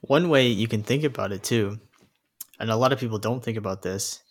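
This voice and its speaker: A man co-hosts a loose fitness conversation in a medium voice. His manner is relaxed and reflective, and he laughs easily. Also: fairly low pitch, brisk. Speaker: podcast co-host. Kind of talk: casual fitness chat.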